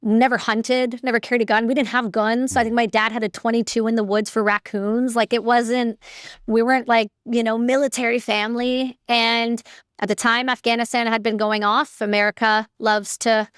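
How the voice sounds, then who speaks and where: A woman's voice: fairly high pitch, little pitch movement, normal speed, fairly bright tone, no echo, clean studio sound. A woman, a guest telling her story in a candid, chatty way with casual fillers. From Canada. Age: 30s. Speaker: guest, military veteran.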